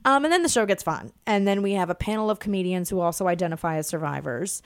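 A woman's voice: lowish voice, lively intonation, fast. A woman comedian, a podcast guest, telling stories in casual chat and laughing through them.

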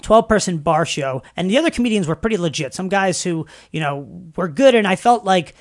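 High-voiced New guy telling stories. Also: a little fast. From Long Island, New York. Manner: animated storytelling, laughs often, many fillers and restarts. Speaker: podcast guest, stand-up comedian. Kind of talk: casual interview chat.

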